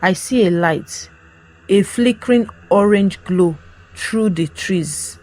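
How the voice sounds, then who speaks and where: A woman's voice: mid-range voice, slow pace, darkish tone. A woman narrating a first-person horror story in short, dramatic, tense sentences.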